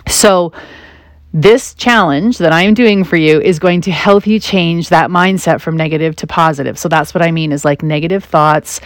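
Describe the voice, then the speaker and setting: Woman, lowish voice, motivational speaker, chatty and animated, close and dry. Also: normal speed, dry recording. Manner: conversational, with animated quoted asides. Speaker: self-help speaker. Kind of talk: motivational talk.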